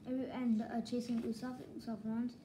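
A woman casually reviewing manga volumes, rambling and excitable, leaning on "like" as filler. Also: a little high, normal speed, a little hiss or hum, poor audio. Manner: rambling, excitable, heavy use of "like".

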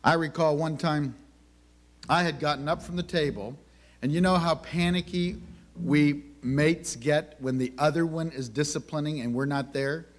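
A man's voice: fairly high pitch, normal speed. A man giving a conversational sermon on parenting, telling family stories and asking the audience rhetorical questions. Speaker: minister teaching on parenting.

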